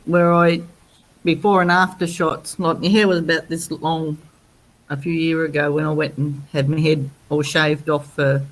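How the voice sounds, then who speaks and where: A woman's voice: deep voice, flat delivery, moderate pace, rough recording. An Australian woman hosting a casual chat, talking plainly and unhurriedly. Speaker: host.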